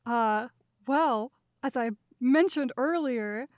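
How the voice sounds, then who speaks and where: Guest player: giggly Minnesotan woman, high and dry-sounding. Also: slow, dry recording. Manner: giggly, bubbly, lots of fillers. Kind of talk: casual tabletop game chat.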